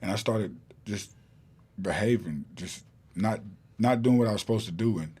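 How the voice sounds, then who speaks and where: A man's voice: fairly low pitch, normal speed, darkish tone, husky. A man, a podcast guest telling a long story in a rambling way with many fillers and restarts. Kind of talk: casual storytelling in an interview.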